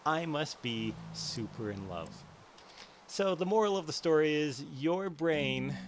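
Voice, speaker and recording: A young man hosting a casual explainer while playing a game, telling stories and acting out what people are thinking. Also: medium pitch. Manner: storytelling, acts out inner voices. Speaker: host. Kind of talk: casual explainer over gameplay.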